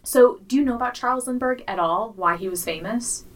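A woman's voice: on the high side, a little fast, far from the mic, low-quality recording. A woman co-hosting a comedy podcast, chatting casually and playfully, swearing freely as she tells a story. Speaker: podcast co-host.

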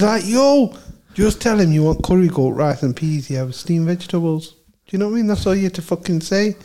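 Podcast host, man with a high voice, brash and animated. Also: fairly quick, slight background noise. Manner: loud, sweary, animated ranting. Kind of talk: casual podcast banter.

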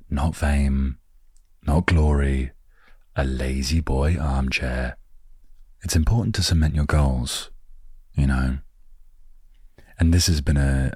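A man's voice: extremely low pitch, darkish tone, slightly rough, no echo. A man hosting a podcast meant to help listeners fall asleep, rambling and correcting himself with dry humor. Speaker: podcast host. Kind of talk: slow rambling sleep podcast monologue. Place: lives in a van.

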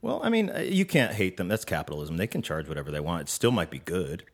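Deep-voiced easygoing man. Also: sing-song, fast. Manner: easygoing, reasons things out aloud. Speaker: podcast co-host. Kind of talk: casual chat.

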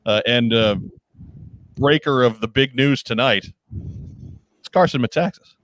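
A man's voice: mid-range voice, a bit bright, no echo. Joking man hosting a live stream. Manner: joking, halting restarts. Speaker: host. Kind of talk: casual live-stream chat.

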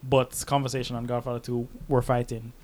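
Speaking briskly at a medium pitch, a man co-hosts an informal movie podcast. He's an animated storyteller who imitates the voices of everyone in his anecdotes.

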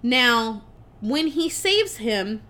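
Animated young woman recapping a film. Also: on the high side, drawn-out words. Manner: animated storytelling with frequent swearing and fillers. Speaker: podcast co-host.

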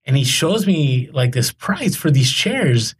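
A man hosting a casual podcast, telling animated, rambling stories about reselling. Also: mid-range voice, takes it slowly, breathy edge.

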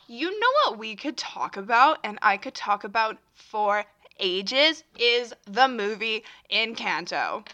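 A young woman hosts her own podcast, rambling casually with lots of fillers and self-interruptions while she has the hiccups. Her voice is a little high and sharp, slow-paced, with lively intonation.

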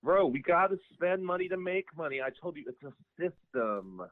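A man's voice: a little high, lively intonation, normal speed, dry recording. A male caller talking in a cocky, brash bro manner. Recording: tinny phone line.

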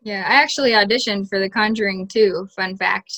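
A woman's voice: mid-range voice, steady tone, fairly quick, bright, forceful tone, dry recording. A young woman, an actress, chatting casually in an interview, full of "like" and restarts. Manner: chatty, many fillers and restarts. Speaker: actress guest.

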